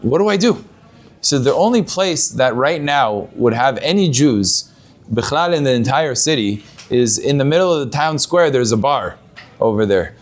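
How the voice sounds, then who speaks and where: A man's voice: mid-range voice, lively intonation, moderate pace. A man giving a Torah talk as a rabbi, telling a story with Hebrew terms mixed in and often restarting his phrases.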